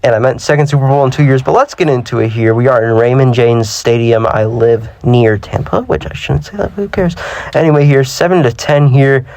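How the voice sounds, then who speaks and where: A man's voice: mid-range voice, steady tone, brisk, a little mellow, dry recording. Chatty young man, dry voice-over. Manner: chatty, self-deprecating, stumbles over words. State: slightly sick. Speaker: gaming channel host. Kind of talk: casual sports-sim commentary.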